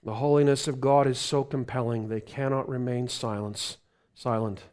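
A man preaching a live sermon as a guest preacher in a church, swinging between loud proclamation and hushed, pleading intimacy. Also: medium pitch, fairly even intonation, moderate pace. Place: church sanctuary.

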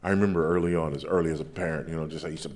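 A man preaching a sermon as pastor, with a big deep voice and an emphatic way of repeating phrases. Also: fairly even intonation, rapid-fire, very noisy.

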